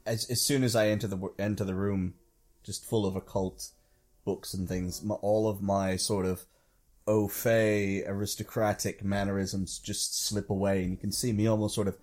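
A man's voice: fairly low pitch, little pitch movement, moderate pace, a little mellow. A man playing a tabletop game, rambling and hedging as he describes his character. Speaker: player.

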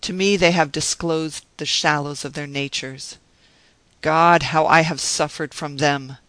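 A man reading the part of a bitter, embittered man who rails forcefully against his lot. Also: a little high, steady tone, unhurried, no echo, poor audio. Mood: bitter tirade. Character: bitter, embittered one-armed man, grim and scornful.

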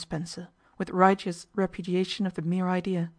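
A woman narrates a classic novel as an audiobook, her delivery measured and even. She keeps a steady storytelling pace, letting the prose carry the tension. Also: on the low side. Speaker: audiobook reader.

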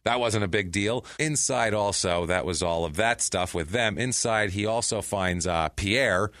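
A man casually telling a true crime story on a podcast, profane and animated, with sudden loud outbursts. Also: on the low side, unhurried, dry recording, studio quality. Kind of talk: casual chat.

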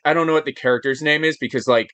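A man talking as a podcast guest in casual chat, animated and emphatic, firing off rhetorical questions. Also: a little high, racing, no room sound.

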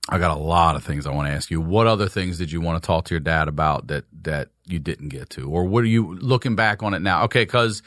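A man in his forties from Baltimore hosts a casual podcast chat. His voice is low and forceful, his talk blunt and full of swearing. The sound is dry and close. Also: quick pace, hardly any pauses, dry recording. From Baltimore, USA. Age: 40s. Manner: blunt, profane, emphatic. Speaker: podcast host.

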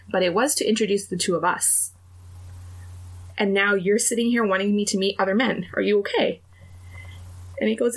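Gravelly-voiced woman telling a story. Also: mid-range voice. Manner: animated, acts out quoted dialogue. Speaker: podcast co-host telling a dating story. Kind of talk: casual storytelling chat.

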